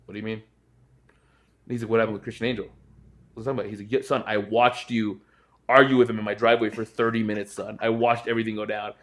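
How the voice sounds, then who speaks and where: A young man co-hosting a podcast, telling a story in casual chat and acting out his friends' voices. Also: mid-range voice. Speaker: podcast co-host.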